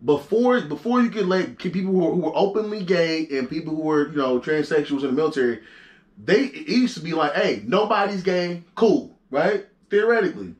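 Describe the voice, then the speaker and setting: A young man hosting a casual podcast, his voice a little higher than most men's. He tells stories animatedly, stumbles into stammered restarts and swears freely. He sounds like he's in an echoey room. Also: brisk, dull audio. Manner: animated storytelling, frequent profanity and stammered restarts. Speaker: podcast host. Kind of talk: casual chat.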